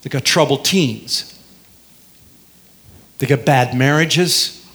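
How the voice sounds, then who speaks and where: A male pastor preaching a sermon in a lively way, drawing out key phrases and leading the congregation in call and response. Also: mid-range voice, slow pace. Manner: lively, drawls out key phrases, has the congregation repeat lines.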